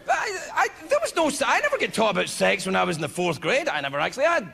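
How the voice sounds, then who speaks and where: Animated Scottish comedian, gravelly voice. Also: male voice, quick pace. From Scotland. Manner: animated storytelling, swinging into shouted high-pitched indignation. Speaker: stand-up comedian. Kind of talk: stand-up comedy set. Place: large theater with a laughing audience. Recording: noisy live stage recording. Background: audience laughter.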